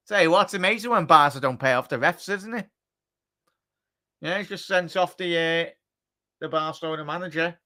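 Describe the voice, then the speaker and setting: A man giving live match commentary on a fan watchalong, chatty and joking, shouting at the big chances. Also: fairly high pitch, a little fast, long pauses. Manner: chatty, jokey asides.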